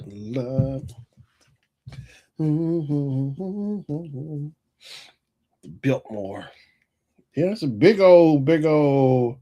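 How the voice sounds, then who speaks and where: A man from North Carolina, hosting a casual live stream in a relaxed, rambling way and often chuckling as he reads chat aloud. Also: mid-range voice. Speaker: livestream host reading chat.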